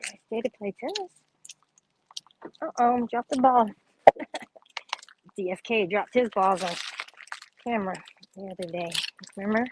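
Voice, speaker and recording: A woman's voice: mid-range voice, measured pace, pauses often, a little hiss or hum, poor audio. A young woman chatting casually on a livestream, reading viewer comments, laughing often and swearing freely.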